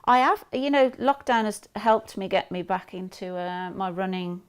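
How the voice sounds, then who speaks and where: A woman's voice: mid-range voice, steady tone, normal speed, clear, resonant tone. Middle-aged woman, Black Country accent, casual guest demonstrating sewing, chatty and rambling. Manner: chatty, rambling with many fillers and restarts.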